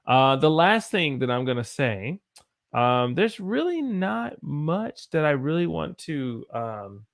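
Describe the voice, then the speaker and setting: A man's voice: on the high side, sing-song, takes it slowly, gravelly, dry recording. A man with an American accent giving a casual livestream English pronunciation lesson, repeating words to demonstrate them. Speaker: English teacher.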